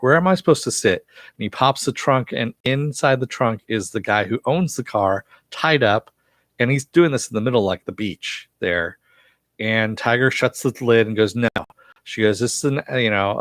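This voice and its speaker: A man's voice: lowish voice, dry recording, clean studio sound. A man recapping a TV episode on a live stream, rambling with lots of fillers and chuckles. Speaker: TV show reviewer.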